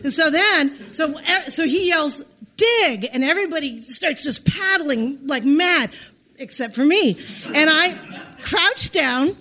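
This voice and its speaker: A woman telling a personal story in an animated, self-deprecating way, often restarting her sentences. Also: sits high, unhurried.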